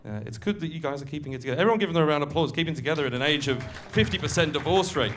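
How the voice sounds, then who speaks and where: A man's voice: on the high side, animated, very fast, fairly bright tone, slight background noise. Conversational male stand-up comic. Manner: conversational, crowd-work asides. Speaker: stand-up comedian. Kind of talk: stand-up comedy set. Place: comedy club stage.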